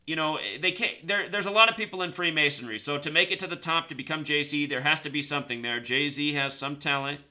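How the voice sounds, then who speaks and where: Bright-voiced man rambling to camera. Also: a little high. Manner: rambling, repeats numbers, talks fast then slows to stress points. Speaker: video host. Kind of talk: casual monologue to camera.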